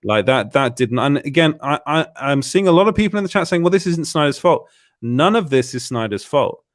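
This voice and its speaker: A man's voice: medium pitch, animated, fairly quick, no echo, clean studio sound. A man hosting a casual live-stream chat, often repeating words as he restarts his sentences. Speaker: show host.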